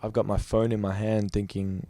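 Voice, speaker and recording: Young man, low dark voice, rambles through his story in a casual interview. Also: flat delivery, moderate pace, no echo. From Australia. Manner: rambling, heavy use of "like". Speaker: musician guest.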